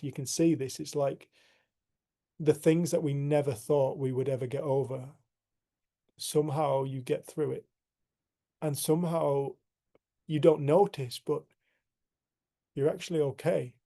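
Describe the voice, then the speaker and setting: A man's voice: fairly high pitch, mellow. A man speaking candidly to a group on a video call, earthy and frank, laughing at himself now and then. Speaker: group facilitator. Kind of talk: casual spiritual talk to a group.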